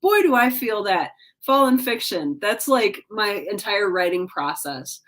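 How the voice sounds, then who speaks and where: A woman's voice: mid-range voice, big pitch swings, unhurried, a bit bright. Tired, yawning woman streamer. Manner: yawning, drowsy, upbeat and encouraging. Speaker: livestream host. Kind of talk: casual livestream chat, reading comments. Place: home.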